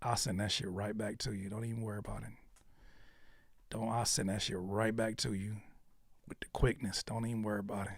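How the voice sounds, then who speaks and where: A man hosts a livestream reviewing music submissions, joking and repeating lines for effect in casual, profane chat. His lowish, husky voice has vocal fry and a level tone, delivered briskly in clean studio sound with no room reverb.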